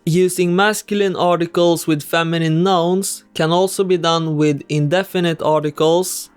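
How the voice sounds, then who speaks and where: A man giving a scripted grammar lesson, spelling out example words slowly and precisely. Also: on the high side, steady tone, clear, resonant tone. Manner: slow, deliberate, precise enunciation of example words. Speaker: language teacher. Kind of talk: scripted explanatory narration. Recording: clean voice-over over faint music. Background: soft background music.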